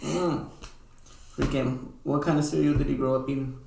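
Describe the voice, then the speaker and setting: Gravelly, teasing woman co-host. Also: a bass voice, fairly even intonation, moderate pace, dark tone, roomy sound, slight background noise, poor audio. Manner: laid-back, teasing, slangy. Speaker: talk show co-host. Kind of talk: casual chat.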